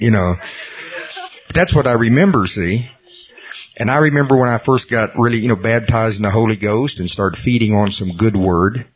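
A low, husky-voiced middle-aged man delivers a sermon, mixing earnest testimony with self-deprecating humor. The recording sounds dull and lo-fi. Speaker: preacher.

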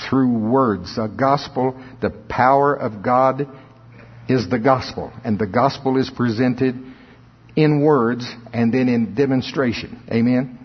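A preacher man delivering a sermon in a long-echoing church hall. His voice is slightly husky, and the lo-fi recording dulls it a little. He pushes into emphatic high swells and chuckles between his points.

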